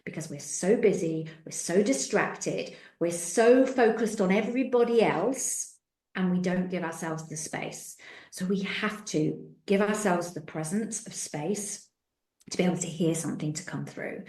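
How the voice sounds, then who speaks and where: A woman's voice: mid-range voice, warm tone, echoey room. A woman spiritual mentor answering interview questions earnestly, sometimes acting out voices in her stories.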